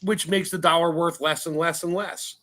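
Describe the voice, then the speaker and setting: High-voiced co-host guy, sharp and forceful, pushes his point hard. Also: steady tone, moderate pace. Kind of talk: casual livestream chat.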